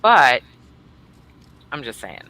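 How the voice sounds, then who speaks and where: Greeting viewers on a casual livestream she co-hosts, a woman is bubbly and teasing, veering from squeals to mutters. She has a bass voice that's sing-song, slow, pushed, and bright.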